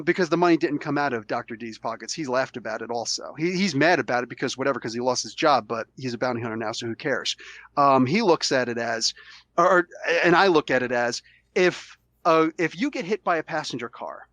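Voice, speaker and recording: Animated sick man hosting a podcast. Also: fairly high pitch. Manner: animated, argumentative, acts out quotes. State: sick with a cold. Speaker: podcast host. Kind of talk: casual debate chat.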